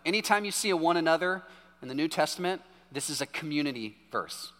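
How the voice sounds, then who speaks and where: This thirties-aged male pastor sounds fairly high and bright, with a forceful edge and a slightly quick pace. He preaches conversationally, telling stories and repeatedly asking "right?", and his words ring out with long hall reverb.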